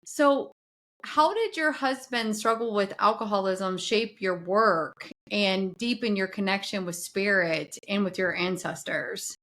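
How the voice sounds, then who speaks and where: A female interview host with a mid-range voice. She responds with warm, brief affirmations before posing her questions. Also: mid-range voice, measured pace. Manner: warmly affirming, brief encouraging replies. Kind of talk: podcast interview.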